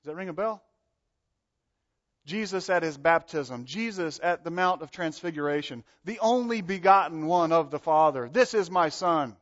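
Animated preacher man, dull lo-fi sound. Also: fairly high pitch, normal speed. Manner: animated, acts out quoted voices, swings loud and soft. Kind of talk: sermon.

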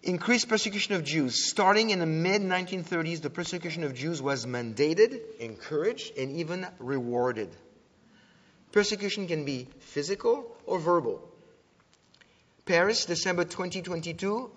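A man with a fairly high voice and moderate pace gives a conversational, sermon-style talk at a church teaching. He often restarts and corrects himself while animatedly retelling events, recorded lo-fi and dull in a reverberant hall.

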